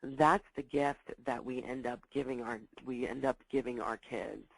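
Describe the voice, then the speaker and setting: In a recorded talk, a woman with a bass voice teaches parents about children's behavior at a normal speed, her voice showing vocal fry. She drives key points home by repeating them and acts out parent-child dialogues in lively voices. The recording is close, dry and rough.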